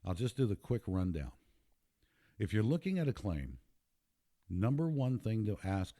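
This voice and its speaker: A man's voice: on the low side, sing-song, measured pace, long pauses, mellow. A man hosting a show, talking in a casual, emphatic monologue, repeating himself and getting worked up. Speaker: podcast host.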